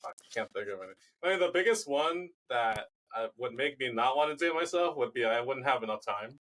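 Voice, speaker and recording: An easygoing man chatting on a casual podcast, tossing in dry remarks. His voice is at an ordinary middle pitch. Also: animated, brisk, fairly bright tone, rough recording. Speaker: podcast co-host. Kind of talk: casual chat.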